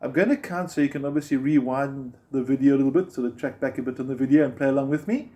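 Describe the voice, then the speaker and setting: A man's voice: medium pitch, fast, mellow. A man teaching beginner guitar step by step, patiently explaining and counting the beats aloud as he strums.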